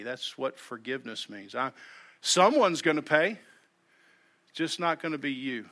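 Male pastor, sermon read, bright and forceful, slightly high voice, earnest, restarts his phrases. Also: expressive, unhurried. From United States. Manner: earnest, repeats words when starting sentences.

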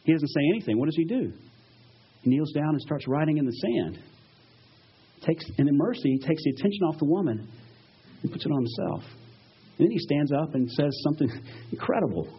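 Husky-voiced male pastor telling stories. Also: fairly high pitch, fairly quick, long pauses, dull audio. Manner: animated storytelling, acts out quoted voices. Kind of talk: sermon.

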